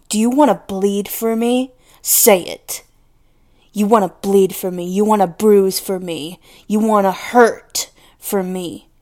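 A possessive, volatile mistress, played by a woman in an audio role-play, speaking straight to the listener. She talks slowly and deliberately, domineering and scornful, and slips now and then into hushed whispers. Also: mid-range voice, close to an everyday voice. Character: possessive, volatile woman scolding her pet.

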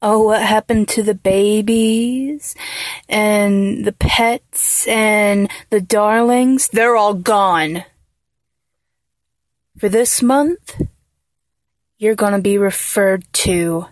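Young woman, dominant role-play voice, mocking and teasing, very unhurried delivery, dry close sound. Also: medium pitch, no room sound. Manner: taunting and mocking, with frequent laughter; drops to a whisper at times.

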